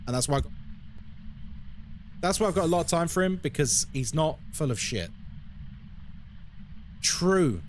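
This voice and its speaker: Guy streaming a horror game, sarcastic and rambly, voice bounces up and down a lot, bit higher pitched, faint hiss behind. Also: lively intonation, unhurried, pauses often. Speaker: live streamer. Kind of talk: casual live-stream chat.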